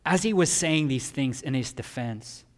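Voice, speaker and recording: A male pastor preaching a sermon emphatically, swinging from loud peaks down to quiet. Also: medium pitch, lively intonation, moderate pace. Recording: long hall reverb.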